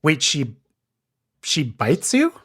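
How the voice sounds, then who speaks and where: A woman interviewing a guest, asking wry, deadpan follow-up questions. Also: low-pitched, slow pace, breathy edge.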